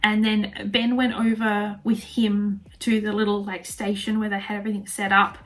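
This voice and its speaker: A woman's voice: medium pitch, little pitch movement, normal speed, fairly bright tone. A young Australian woman telling a personal story in a chatty vlog style, full of fillers and emotion. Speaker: vlogger.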